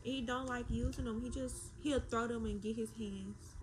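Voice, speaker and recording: A woman's voice: a little high, fairly even intonation, moderate pace, background noise. A young mother chatting on a phone livestream, talking to her baby in a playful sing-song and repeating words.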